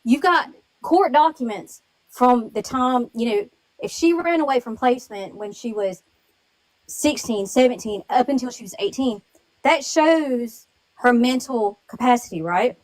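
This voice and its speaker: Woman caller, emotional and rambling, slightly high voice. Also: a little slow, rough recording. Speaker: caller on a livestream. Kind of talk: live-stream call-in.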